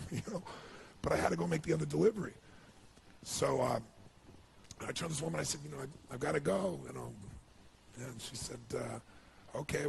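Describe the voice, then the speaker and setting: A man's voice: a little high, creaky, darkish tone. A man giving an earnest, emotional storytelling speech as a motivational speaker, with lots of "you know.".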